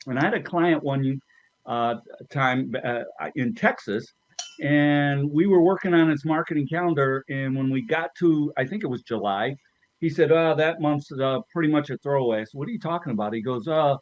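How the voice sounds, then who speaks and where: A man marketing consultant on a casual panel, telling a story in a measured way. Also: mid-range voice, no room sound. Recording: dry, dull lo-fi audio.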